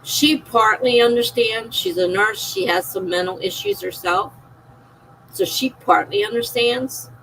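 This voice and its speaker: A woman's voice: a little high, animated, measured pace, vocal fry, fairly bright tone, a little hiss or hum, low-quality recording. A middle-aged woman streaming a personal, emotional monologue, confiding and circling back on herself as she talks. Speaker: live streamer.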